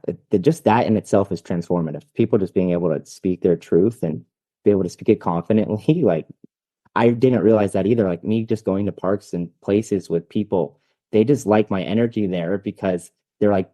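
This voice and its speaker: A man's voice: fairly low pitch, no echo. A man, a dog trainer guest, talking casually and enthusiastically in an interview. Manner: enthusiastic, animated storytelling with laughs.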